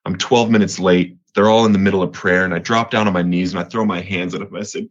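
A man's voice: low-pitched, fairly even intonation, fast talker, few pauses, highs cut off. A man from Colorado, a podcast guest giving an earnest personal faith testimony, often restarting and repeating words.

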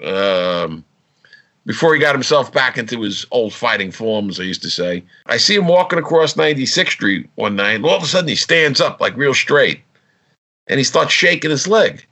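New guy telling cop stories, gravelly, lively pitch all over. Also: normal speed. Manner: animated storyteller, acts out quotes. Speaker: retired police officer telling stories. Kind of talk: casual storytelling chat.

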